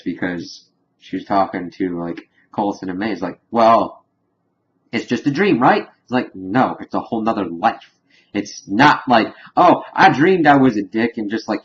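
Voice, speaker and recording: Rambling low-voiced man recapping a show. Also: dull audio. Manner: rambling, filler-heavy, profane. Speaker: TV episode reviewer. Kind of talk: casual spoiler recap.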